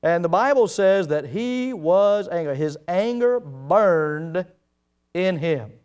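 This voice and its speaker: A man's voice: high-pitched, expressive, takes it slowly, darkish tone, clean tone. A middle-aged man preaching a sermon, retelling Bible stories and acting out the quoted lines. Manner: storytelling, acts out the quoted lines.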